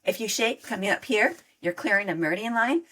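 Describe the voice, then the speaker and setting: A middle-aged woman sharing her healing story in conversation, animated and acting out her own inner voice. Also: medium pitch, a little fast, breathy edge. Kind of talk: conversational interview talk.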